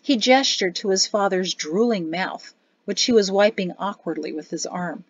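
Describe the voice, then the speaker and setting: A woman narrating an audiobook in an expressive storytelling voice. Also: mid-range voice, normal speed, breathy edge, no room sound, dull audio. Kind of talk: scripted narration.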